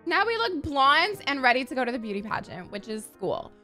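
Sassy gamer girl, high bright voice swinging all over, cursing and gasping, faint game music behind. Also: brisk. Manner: sassy, profane and excitable, frequent gasps. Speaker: gaming YouTuber. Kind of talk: gameplay commentary.

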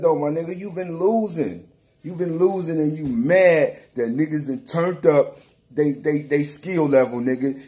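A battle rap commentator with a fairly high, mellow voice goes on a heated, profane rant. He repeats himself and calls someone out directly.

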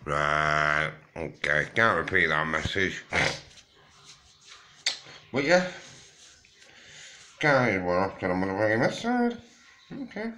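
A man's voice: deep voice, lively intonation, normal speed, few pauses, sharp tone. A man who has just woken up, rambling casually to viewers and swearing freely. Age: 30s. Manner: loose, swearing, slangy, addresses viewers as guys and mate. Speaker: vlogger. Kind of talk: rambling casual morning chat.

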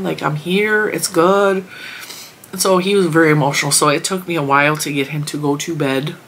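A woman vlogger with a low-pitched, slightly bright voice chats casually about her week and her crochet projects. There's a little hiss or hum, and her storytelling rambles.

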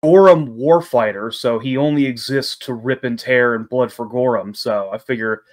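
A man's voice: mid-range voice, moderate pace. A man chats casually as a player in a tabletop game. He explains things eagerly, restarting sentences as his ideas run ahead of him.

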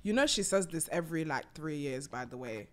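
A woman's voice: deep voice, expressive, brisk. A young woman hosting a casual chat, playful and teasing, talking through a cold. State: has a cold.

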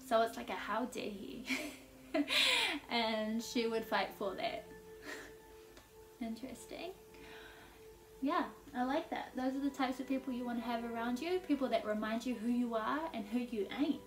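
A woman's voice: fairly high pitch, normal speed, pauses often, soft background music. A woman giving a casual intuitive tarot reading, chatty, laughing often and leaning on "like" as she talks. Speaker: tarot reader. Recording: echoey room, mic at a distance.

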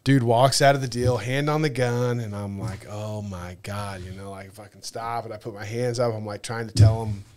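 A man guesting on a podcast talks a little fast with hardly any pauses, his voice mid-range, as he casually tells a travel story. He swears a lot, stays animated, and acts out the conversations with the people he met.

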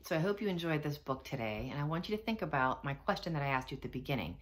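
A woman teacher reading a storybook aloud to children from home, expressive and gentle. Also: sits low, very fast.

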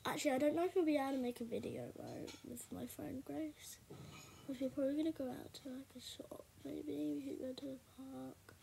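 A high-voiced young woman talks through a game for her video, rambling along in a loose, chatty way and breaking into loud bursts of excitement. A faint noise sits under the recording. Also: a little fast, vocal fry. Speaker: gaming video creator. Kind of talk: casual gameplay commentary.

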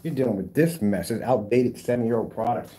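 Speaking a little fast in a warm, medium-pitched voice, this man runs a casual livestream tied to his DIY projector screen paint videos. He responds to viewer comments by mocking them brashly, then pretending to soothe them.

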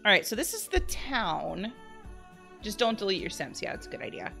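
A bubbly woman streamer talks her viewers through a cozy life-sim game, gasping and squealing at cute finds. Her voice is bright and clear, and it swoops high and low with lively pitch. Soft background music plays under her. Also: normal speed. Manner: bubbly, excitable, chatty with chat. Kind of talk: live-streamed game commentary.

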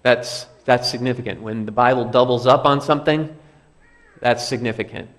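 A male pastor preaching in a church with a mid-pitched voice. He keeps a plain, conversational tone and returns to key phrases again and again to drive them home. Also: normal speed, fairly bright tone. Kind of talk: sermon. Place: church sanctuary.

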